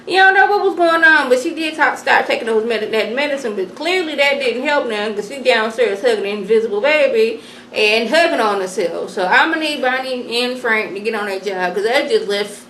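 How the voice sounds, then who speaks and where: A woman giving a casual, animated recap of a TV episode and acting out the characters' lines. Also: on the high side. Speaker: vlogger reviewing a TV episode. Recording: echoey room, faint noise.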